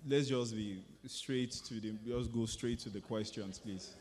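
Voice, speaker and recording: Man, slow, measured moderator in a reverberant hall. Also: mid-range voice, darkish tone. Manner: measured, reads out audience questions. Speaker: event moderator. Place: large conference hall.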